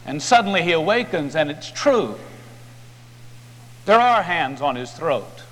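Brief: male preacher, slow and dramatic storytelling, fairly high voice, long hall reverb. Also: sing-song, a bit bright. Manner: dramatic, vivid retelling.

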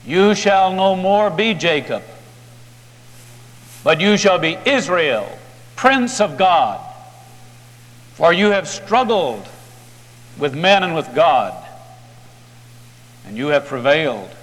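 Brief: man doing a solemn, mysterious divine stranger, slow and declaiming, in a hall with long reverb. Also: a little high, sing-song, fairly bright tone, full character voice. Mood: proclaiming.

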